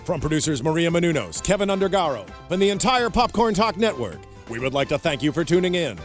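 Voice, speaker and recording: A man's voice: big pitch swings, fast, faint music behind. A man voicing a pompous, posh announcer who reads a grand, theatrical sign-off. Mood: grandiose. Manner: booming, theatrical, sing-song finish. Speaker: show announcer. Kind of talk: closing announcement.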